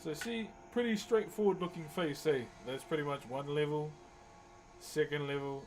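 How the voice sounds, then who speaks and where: A man's voice: on the high side, moderate pace, a little hiss or hum, poor audio. A man chatting casually on a live stream, greeting viewers and laughing often. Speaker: livestreamer and wood carver.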